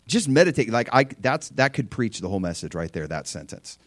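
A middle-aged man preaching a sermon, animated, jumping into excited voices as he acts out scripture. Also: fairly quick, hardly any pauses, no room sound, studio quality. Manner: animated, acts out excited voices of God with big pitch jumps. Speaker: pastor.

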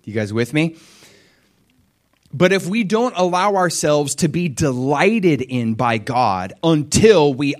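A middle-aged man preaching a sermon in an animated way, acting out prayers and replies and sometimes dropping to a whisper. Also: on the high side, slow pace.

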